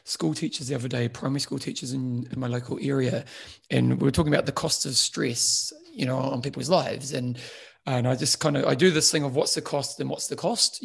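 A male interview host speaking in casual chat, quick and often restarting phrases. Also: mid-range voice, vocal fry, husky.

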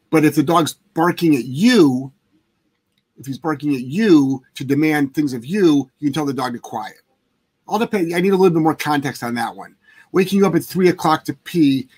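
Blunt, profane man, husky voice. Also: on the high side, moderate pace. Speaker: dog trainer host. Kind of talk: casual livestream chat answering viewer questions.

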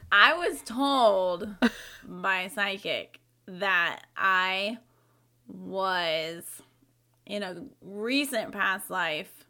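A woman's voice: mid-range voice, extremely slow, pushed and bright. A young adult woman co-hosting a podcast in casual chat, reading from her notes with lots of fillers and playful asides. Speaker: podcast co-host.

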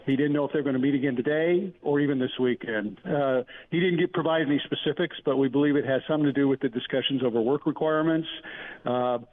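A male reporter phones in from a government building in a steady, plainspoken voice pitched at an ordinary level. The line is thin and tinny, like a phone call. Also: fast. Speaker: congressional reporter. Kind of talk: live field report.

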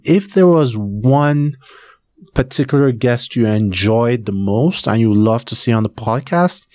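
A man's voice: mid-range voice, a little mellow, no room sound. A man hosting his podcast, talking casually and rambling with many fillers. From Nigeria. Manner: chatty, rambling, with frequent fillers. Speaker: podcast host. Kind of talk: casual solo podcast announcement.

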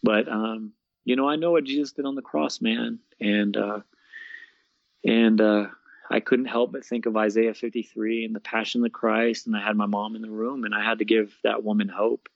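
Young guy with a lowish voice telling his story on an interview, laughs a lot, says "bro" all the time, muffled dry recording. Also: normal speed, vocal fry, dry recording. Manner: animated, laughs often, says "man" and "bro". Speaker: guest, fitness coach and speaker. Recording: dull, dry lo-fi sound.

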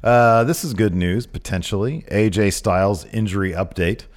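Low-voiced excitable male podcast host. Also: moderate pace. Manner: jokey, excitable, reads news quotes aloud. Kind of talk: casual chat.

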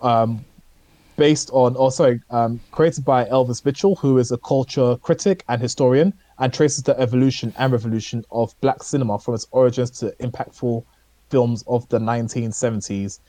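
A man chats casually on a podcast about what he has been watching, with a mellow, dark voice. He rambles and hesitates, filling the gaps with ums and uhs. The sound is dry and close, with little room. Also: medium pitch, fairly even intonation, moderate pace, no room sound. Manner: rambling, hesitant, many fillers. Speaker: podcast co-host. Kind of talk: casual chat reviewing shows.

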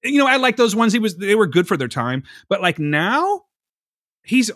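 A man's voice: high voice, big pitch swings, normal speed, a bit bright, no room sound, clean studio sound. A man co-hosting a podcast in casual banter, profane and teasing, laughing often. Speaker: podcast co-host.

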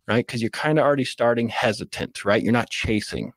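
A man's voice: mid-range voice, brisk, few pauses, dry recording. A man in a casual interview explaining how he makes sales calls, acting out phone scripts in a coaching tone. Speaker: real estate investor guest.

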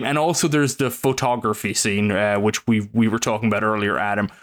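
A man co-hosting a podcast, chatting casually about films, animated and quick to swear and laugh. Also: medium pitch. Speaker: podcast co-host. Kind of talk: casual film review chat.

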